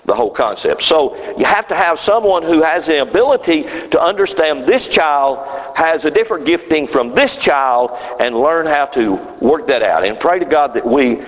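A man preaches a rambling sermon in a somewhat high voice, his pitch swinging widely. He keeps checking whether the congregation follows him. The sound is muffled and rings with long reverb in a church hall. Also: expressive, normal speed, few pauses. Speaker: pastor.

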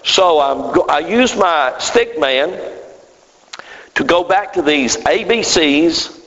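A man's voice: fairly high pitch, expressive, slow, a bit bright. Man preaching a rambling sermon. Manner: rambling, asks the congregation if they follow. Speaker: pastor. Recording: muffled sound with long hall reverb.

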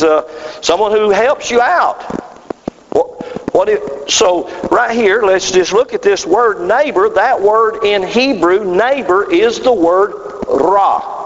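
A man delivers a sermon in a long-reverberating church hall, reading scripture and drawing his congregation into call-and-response. His pitch swoops high and low with a rhythmic, building cadence. The recording is slightly dull, with faint background noise. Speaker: preacher.

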